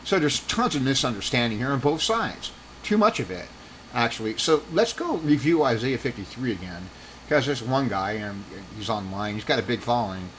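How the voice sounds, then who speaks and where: A man's voice: mid-range voice, very animated, normal speed, fairly bright tone, slight background noise, low-quality recording. A man giving a casual religious commentary monologue, rambling and argumentative, with heated accusing stretches. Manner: rambling with restarts.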